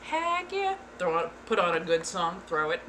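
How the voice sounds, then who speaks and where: A woman's voice: lowish voice, big pitch swings, moderate pace, bright, forceful tone, slight background noise. A woman streamer chatting casually, frank and giggly, sometimes putting on playful voices. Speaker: ASMR streamer. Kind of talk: casual chat.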